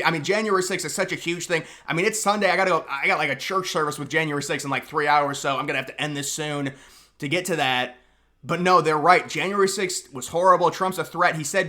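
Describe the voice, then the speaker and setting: A man's voice: a little high, a little fast, bright, forceful tone. A young man giving a casual political commentary rant, full of sarcasm and mocking, exaggerated outbursts.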